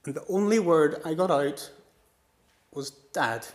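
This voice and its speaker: A middle-aged man, a pastor preaching a sermon with passionate storytelling, moving from loud cries to hushed words. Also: on the high side, measured pace.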